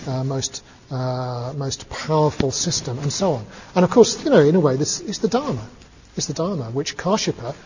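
Man, Buddhist teacher, relaxed storyteller, lo-fi with reverb. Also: a little high, slight background noise. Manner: relaxed, chuckling, many fillers. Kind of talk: storytelling talk. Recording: dull lo-fi recording, long reverb.

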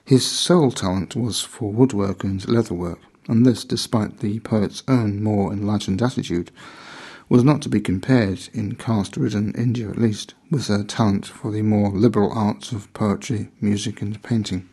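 A man reading a memoir aloud in measured, deliberate scripted narration. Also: fairly low pitch, fairly even intonation, a little mellow, husky.

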